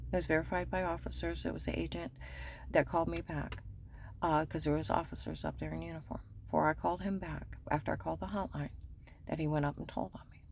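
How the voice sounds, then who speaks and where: Woman, low and gravelly, talking urgently to camera, slipping into whispers. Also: darkish tone, slight background noise. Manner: rambling, urgent, often drops to a whisper. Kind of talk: personal account to camera.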